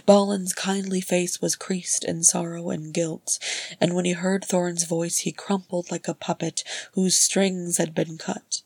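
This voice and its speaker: Woman audiobook narrator, lowish breathy voice, measured reading. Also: little pitch movement, a little mellow, dry recording. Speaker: audiobook reader. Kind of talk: scripted narration.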